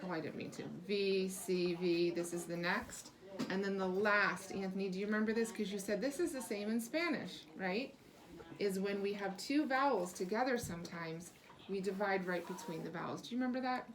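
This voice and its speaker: A woman's voice: medium pitch, moderate pace. A woman reading teacher leading a small-group lesson, encouraging and lavish with praise, asking patient questions and explaining step by step.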